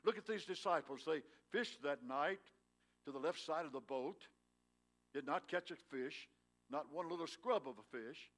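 In a church sanctuary, a male pastor tells a Bible story in a folksy way during his sermon, rising with emphasis. His voice is on the high side and a bit bright, at normal speed.

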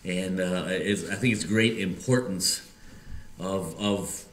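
A Midwestern American man preaching a sermon as pastor, halting often with fillers and restarts. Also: low-pitched, fairly bright tone. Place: church sanctuary. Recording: echoey church room.

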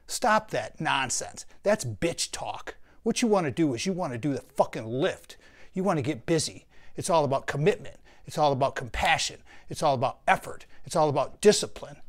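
A man's voice: mid-range voice, sing-song, normal speed. An older man giving blunt, profane motivational advice to other men in a rant. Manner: blunt, crude, preachy.

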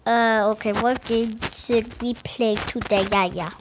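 A woman's voice: on the high side, steady tone, measured pace, noisy background. A woman chatting playfully through a gameplay video, rambling and talking to herself as she plays. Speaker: gaming video creator. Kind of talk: casual gameplay commentary.

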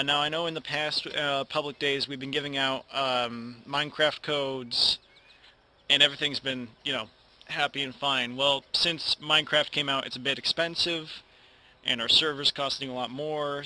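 Recording indoors at home, this young man hosts his YouTube channel in a bright, forceful mid-range voice. His talk to camera is casual and rambling, sometimes mumbled, full of false starts and retakes.

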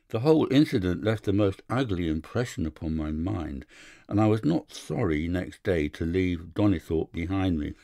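A man narrating a classic first-person story for an audiobook, measured and even. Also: lowish voice, gravelly, no room sound, studio quality.

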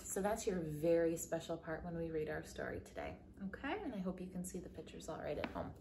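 A woman music teacher giving a recorded lesson to young children, with an animated sing-song delivery, big pitch leaps and slow, encouraging explanations. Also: creaky, slight background noise.

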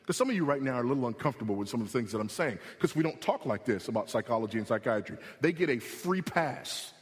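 Male pastor, mid-pitched voice, emphatic sermon delivery, long church reverb. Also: lively intonation. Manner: emphatic preaching with rising pitch and pauses. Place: church sanctuary.

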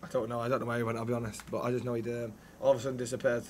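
A man streaming a police role-play game, loud and cheeky, swearing freely and reading out chat shout-outs. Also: medium pitch, little pitch movement, very fast, slight background noise. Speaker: streamer playing a police officer.

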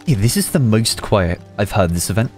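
Lively, jumpy gamer man. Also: lowish voice, faint music behind. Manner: excitable, nervous, quick reactions. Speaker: gaming channel host. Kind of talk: gameplay voice chat and narration.

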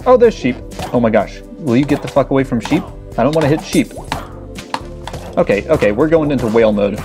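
A man's voice: medium pitch, fairly quick, music in the background. Frantic swearing young man gaming. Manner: frantic, swearing, exclaiming at the game. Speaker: let's play gamer. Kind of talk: casual gameplay commentary.

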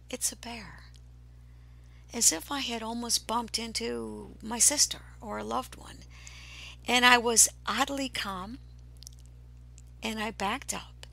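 A woman hosts a podcast and tells a personal spiritual story. Her voice is gravelly yet bright, and she speaks slowly and softly, often slipping into a breathy whisper. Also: medium pitch. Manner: slow, hushed, often drops to a breathy whisper. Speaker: podcast host.

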